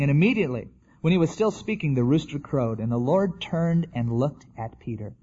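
A man's voice: medium pitch, lively intonation, brisk, warm tone, husky, lo-fi sound. A man preaching a sermon in a conversational way, acting out the quotes he tells. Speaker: pastor.

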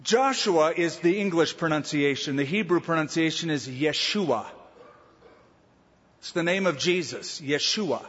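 A man from Southern California preaching an expository sermon with emphatic, drawn-out teaching delivery. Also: fairly high pitch, fairly bright tone. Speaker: pastor. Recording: dull lo-fi sound with long hall reverb.

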